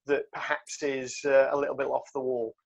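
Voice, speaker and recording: A man's voice: mid-range voice, little pitch movement, a little fast, vocal fry. A man hosting a podcast, teasing the guest in casual banter. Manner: teasing, jokey. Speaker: podcast host. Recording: dull lo-fi sound.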